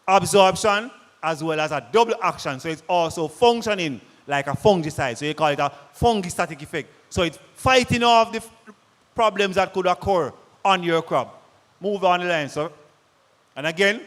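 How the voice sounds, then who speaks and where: High-voiced Jamaican man pitching to a hall. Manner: energetic, quizzes the crowd with rapid questions. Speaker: product presenter at a farmers' forum. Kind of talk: lively sales presentation to a live audience. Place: large conference hall. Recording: long hall reverb.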